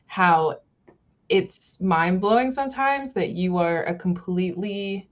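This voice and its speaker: A young woman with a lowish voice muses out loud while chatting with friends. She sounds thoughtful and relaxed. Her audio is dull and muffled. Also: takes it slowly. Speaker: friend in the chat. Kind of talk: casual chat.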